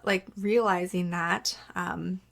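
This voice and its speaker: Candid woman with a gravelly low voice. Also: fairly even intonation, slow pace. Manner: candid, conversational, many "like" fillers, acts out her own past remarks. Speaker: podcast host. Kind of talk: casual solo podcast monologue.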